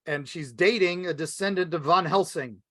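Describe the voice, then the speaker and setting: A man co-hosting a podcast in casual chat, rambling and animated as he retells movie scenes. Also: normal speed, no room sound, clean studio sound. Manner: rambling, animated, acts out movie lines in a high voice. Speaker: podcast co-host.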